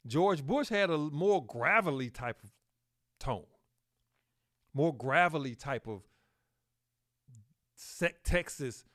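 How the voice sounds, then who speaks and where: A man hosting a solo podcast, talking slowly with fillers and self-corrections, and pushing up on key words for emphasis. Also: fairly high pitch, lively intonation, fairly bright tone. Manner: slow, halting delivery with fillers and self-corrections. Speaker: podcast host.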